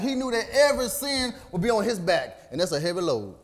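A man preaching in a high, lifted voice. He reads scripture by chapter and verse, then climbs into near-sung, fervent peaks before dropping low and quiet again. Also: very animated, a little fast, hardly any pauses. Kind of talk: sermon.

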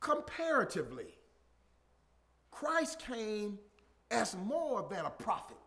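A man preaching a sermon, emphatic and repetitive, swinging from shouted lines to quiet murmurs. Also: sits high, huge pitch swings, slow pace, gravelly.

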